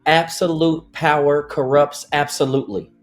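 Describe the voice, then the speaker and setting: A man with a fairly high voice arguing in a podcast discussion, acting out speeches to make his point. Faint music runs underneath. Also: fairly even intonation, moderate pace. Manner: argumentative, acts out speeches. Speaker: podcast co-host. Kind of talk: casual commentary.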